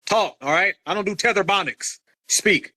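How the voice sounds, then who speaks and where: A man hosting a heated live audio chat, loudly mocking and ordering callers around. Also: high-pitched, sing-song, fairly quick. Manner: loud, mocking, commanding, drawls for emphasis. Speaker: host.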